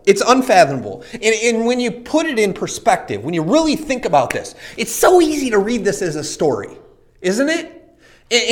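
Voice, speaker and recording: Male preacher, high voice, earnest storyteller, rhetorical questions. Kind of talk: sermon.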